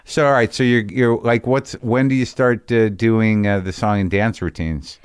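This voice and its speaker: A man with a slight lisp hosts a relaxed interview, his voice sitting low and recorded close in a dry room. He keeps the talk moving with wry, teasing questions. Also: normal speed, smooth, no echo. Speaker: podcast host. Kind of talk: casual interview chat.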